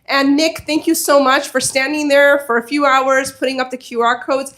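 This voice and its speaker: A woman with a bright, high voice addresses a crowd at a mosque gathering. She speaks as a community organizer, heartfelt and earnest, and presses the audience with urgent appeals. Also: level tone, normal speed. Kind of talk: impassioned speech to an audience. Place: community hall at a mosque event.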